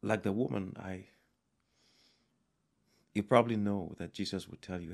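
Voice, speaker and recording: A man preaching a sermon, emphatic and deliberate, with fervent raised passages. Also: on the low side, creaky, darkish tone.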